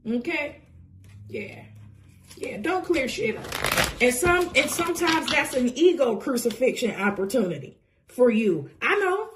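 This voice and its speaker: A woman's voice: high-pitched, big pitch swings, unhurried, noisy background. A woman giving a casual tarot reading, talking bluntly and sassily with profane, preachy asides. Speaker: tarot reader.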